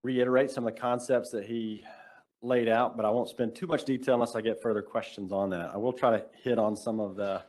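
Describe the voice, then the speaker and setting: A man giving a measured, explanatory technical presentation on a video call, in casual phrasing. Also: medium pitch, fairly even intonation, a little mellow. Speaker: workshop presenter.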